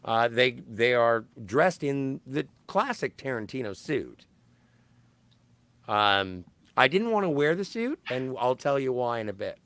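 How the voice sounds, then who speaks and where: A man's voice: medium pitch, measured pace, dry recording. A man co-hosting a casual film podcast, his voice rising and falling animatedly as he retells scenes. He stops to fix names and details mid-thought. The recording is dry and close, with almost no room sound. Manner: animated, self-correcting storyteller. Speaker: podcast co-host. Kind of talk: casual film-recap chat.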